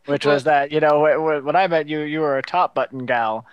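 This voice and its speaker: A man with a somewhat high voice trading jokes with his co-hosts during a TV recap. He teases and often restarts his sentences. The recording is dry and close. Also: fairly even intonation, a little fast, smooth, no room sound, muffled recording. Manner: joking, teasing, stumbling restarts. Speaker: podcast co-host. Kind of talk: casual TV recap chat.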